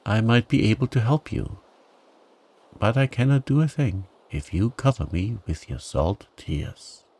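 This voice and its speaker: A man's voice: on the low side, big pitch swings, measured pace, darkish tone, voice pushed up, exaggerated voice. A man voicing a fussy, earnest male talking frog in a storybook tale. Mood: alarmed.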